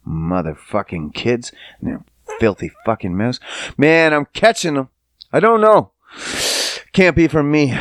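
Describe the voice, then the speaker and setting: A man hosting a podcast, telling profane, animated stories in a casual comedic rant, sometimes putting on voices. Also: fairly high pitch, dry recording. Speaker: podcast host. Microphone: podcast studio mic.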